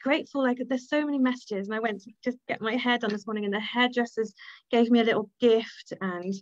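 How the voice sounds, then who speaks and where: A woman's voice: a little high, fairly even intonation, a little fast, no room sound. Gushing Irish woman on a video call. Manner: gushing, grateful, laughs often. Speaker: author hosting her book launch. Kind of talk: emotional casual talk on a video call. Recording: dull lo-fi video call audio.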